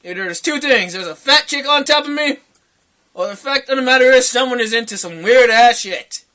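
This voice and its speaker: A young man co-hosting a casual podcast, telling a wild story in an animated way, acting out the quoted voices and swearing freely. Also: very high voice, brisk. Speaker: podcast co-host.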